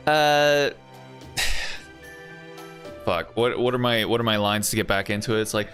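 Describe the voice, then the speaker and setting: A man's voice: mid-range voice, a little slow, bright, forceful tone, soft background music. A man streaming himself reading a story game aloud, breaking in with joking, self-deprecating asides to his chat.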